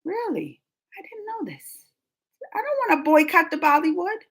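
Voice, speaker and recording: Bright-voiced chatty woman. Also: very high-pitched, sing-song, moderate pace, rough recording. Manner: chatty, emotional, laughs often, reads comments aloud. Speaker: live stream host reading chat. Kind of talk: casual live chat.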